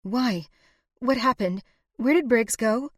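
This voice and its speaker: A woman's voice: a little high, moderate pace, darkish tone, dry recording, clean studio sound, pitched above the performer's own voice, lightly acted. A woman voicing a desperate young frontier bride. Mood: fearful. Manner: pleading, breaking into anger. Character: young frontier bride, frightened then furious. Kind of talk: audiobook character voice.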